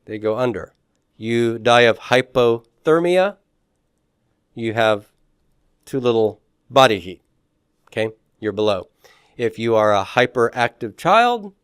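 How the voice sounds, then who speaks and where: Slow, patient male Greek teacher. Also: fairly low pitch, smooth, no room sound, studio quality. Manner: slow, patient, checks in with frequent "okay?". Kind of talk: classroom lecture.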